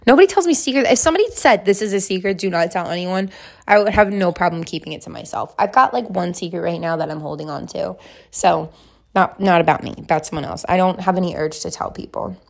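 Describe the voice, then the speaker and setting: Casting: twenties woman, low-set voice with gravelly fry, rambling Q&A vlogger. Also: fast, a little mellow. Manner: chatty, rambling, many fillers. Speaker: vlogger answering question prompts. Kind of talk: casual chat.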